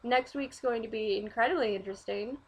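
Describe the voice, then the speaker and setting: Brief: woman in her 20s, casual vlogger, animated storyteller, slightly higher voice, filler-heavy and profane. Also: brisk, slightly rough. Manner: animated, swears freely, heavy use of "like".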